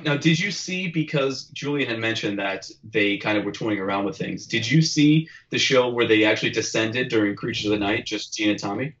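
A man's voice: fairly low pitch, brisk, few pauses. Laughing storyteller man, muffled sound. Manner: animated, laughing storyteller, shouts impressions. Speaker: podcast host. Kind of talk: casual chat, storytelling.

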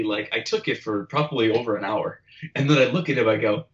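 A man's voice: fairly low pitch, quick pace. Laughing storyteller man, muffled sound. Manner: animated, laughing storyteller, shouts impressions. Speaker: podcast host. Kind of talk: casual chat, storytelling.

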